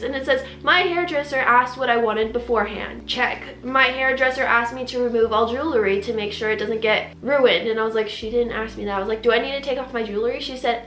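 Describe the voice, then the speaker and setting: A woman's voice: a bit bright, a little hiss or hum. A young woman telling the story of a bad haircut, close to tears and frustrated, acting out both sides of the conversation. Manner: tearful, frustrated, quotes herself and the hairdresser in higher voices. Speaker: vlogger. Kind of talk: emotional storytime rant. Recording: echoey room.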